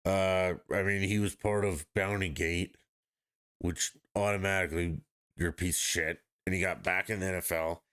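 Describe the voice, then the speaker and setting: Deep-voiced guy ranting on his podcast, swears a lot, real blunt. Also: little pitch movement, normal speed, fairly bright tone, clean tone. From Denver area, United States. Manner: blunt, profane, dismissive. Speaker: podcast host. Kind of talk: casual sports rant.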